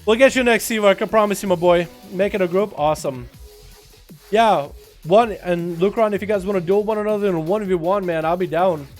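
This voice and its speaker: A young man with an American accent, Russian by birth and first language, hosting a live game stream with quick, excitable play-by-play and frequent laughs. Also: sits high, soft background music. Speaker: livestream host. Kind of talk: live game commentary and chat. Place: hot home room.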